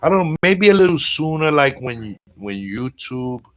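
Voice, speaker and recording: A man's voice: mid-range voice, very animated, moderate pace, low-quality recording. A man interviewing a guest in a casual conversation, laid-back and often saying man and bro.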